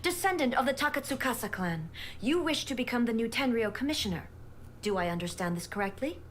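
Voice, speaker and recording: An actress playing a stern, commanding female ruler in a game, speaking in a cold, formal and measured way. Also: on the high side, lively intonation, slight background noise, lightly acted. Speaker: game character.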